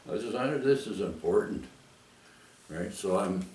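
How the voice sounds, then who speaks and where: A man's voice: deep voice, expressive, moderate pace, darkish tone, far from the mic, a little hiss or hum. A man telling a personal story in a casual, rambling way, tagging his sentences with "eh?" and "right?". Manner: rambling, with frequent "eh?" and "right?" tags. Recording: echoey room, off the mic.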